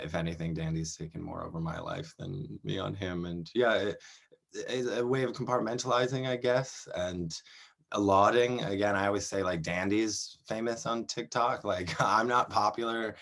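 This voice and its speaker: A man in his thirties from Canada, a performer talking in a casual interview, chatty and animated, laughing often between his words. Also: on the low side, vocal fry. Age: 30s. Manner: chatty, animated, quick to laugh, many fillers.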